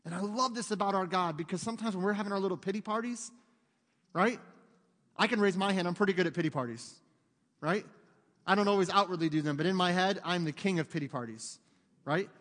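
A man preaching a sermon in an animated way, joking with the congregation and acting out voices. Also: high voice, fast talker. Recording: long hall reverb.

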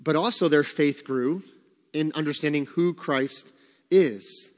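A man's voice: on the high side, slow. A man leading a Bible study, teaching in a conversational way and asking the group questions. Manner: conversational, asks the room questions. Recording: long hall reverb.

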